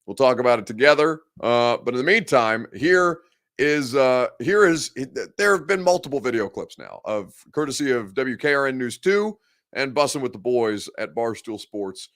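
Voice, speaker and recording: A male sports show host with a voice of middling pitch, talking casually to his viewers. He jokes at his own expense and works himself up into playful mock outrage. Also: expressive, moderate pace, fairly bright tone. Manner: self-deprecating, jokey, ranting.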